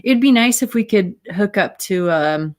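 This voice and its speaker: A woman's voice: mid-range voice, expressive, normal speed. A woman hosting a casual livestream chat over a video call, rambling with fillers and giggles. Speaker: host.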